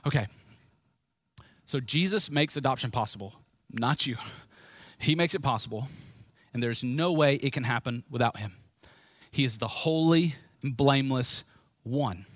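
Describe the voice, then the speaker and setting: A man delivers a sermon in a casual, animated way, breaking off into asides and questions for his listeners. His voice sits a little on the high side, and the recording is dry and close, with no room sound. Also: dry recording. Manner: conversational, lively preaching with asides and audience prompts. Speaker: preacher.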